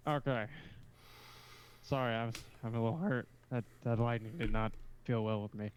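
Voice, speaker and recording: A man's voice: mid-range voice, moderate pace, muffled recording, slight background noise. Easygoing man at a tabletop game. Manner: easygoing, chatty, slips between in-character and table talk. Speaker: player. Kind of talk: tabletop game role-play.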